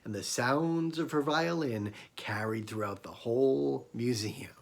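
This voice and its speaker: A male storyteller telling an interactive story to young children, animated and expressive, asking the children questions. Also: mid-range voice, a little slow, gravelly. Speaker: storyteller and illustrator.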